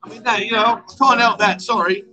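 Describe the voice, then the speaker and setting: This man runs a laid-back livestream chat show from a bar at night, with a noisy city street outside, bantering with his guest and reading out what viewers comment. He speaks in a high, bright, forceful voice, a little fast, with fairly even intonation. The recording is low quality.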